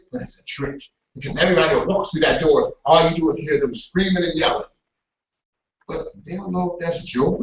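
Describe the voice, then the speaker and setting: Brief: high-pitched male preacher, animated, acts out voices and shouts, AAVE, recorded from afar in an echoey church hall with dull sound. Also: recorded from a distance, a little hiss or hum. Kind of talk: motivational sermon.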